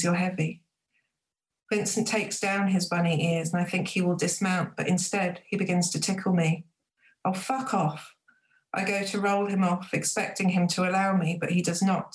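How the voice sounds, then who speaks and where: Woman author reading in a roomy space. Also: lowish voice. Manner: measured, reflective reading. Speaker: novelist reading her own book. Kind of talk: book reading and interview. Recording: roomy echo.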